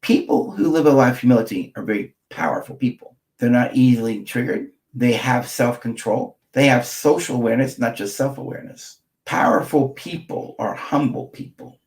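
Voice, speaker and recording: A man's voice: mid-range voice, fairly quick, few pauses, darkish tone. Emphatic middle-aged man teaching. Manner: emphatic and direct, repeats key phrases, checks in with "right?". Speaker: psychologist and marriage therapist. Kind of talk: motivational teaching talk to camera.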